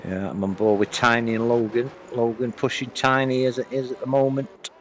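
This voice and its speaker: A man calls an online race in an easygoing, conversational way, with a voice pitched in the middle. A faint hiss of background noise sits under his voice. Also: little pitch movement, brisk. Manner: casual, chatty, apologetic asides. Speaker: race commentator. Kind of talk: sim racing commentary.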